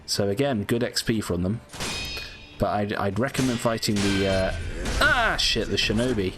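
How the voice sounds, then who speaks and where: A man's voice: lowish voice, very animated, moderate pace, over music. A British man giving casual gameplay commentary, chatty and prone to frustrated swearing. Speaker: gameplay streamer.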